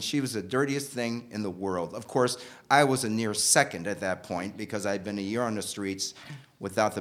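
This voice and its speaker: Animated man telling a personal story. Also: medium pitch. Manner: animated, swinging from loud bursts to hushed asides.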